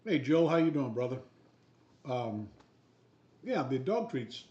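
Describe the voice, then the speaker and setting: A man in casual chat on a homebrew livestream, explaining things in a relaxed, rambling way with many fillers. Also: mid-range voice, slow. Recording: dull, echoey room audio.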